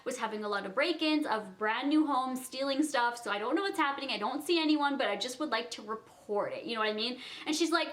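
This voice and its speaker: High-voiced giggly young woman vlogger. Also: fast talker, few pauses. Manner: animated, giggly, acts out quotes. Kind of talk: storytime vlog.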